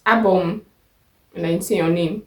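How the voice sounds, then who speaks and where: A Nigerian woman teaching a language lesson, patiently repeating each phrase slowly and clearly. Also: fairly low pitch, fairly even intonation, darkish tone, reverberant.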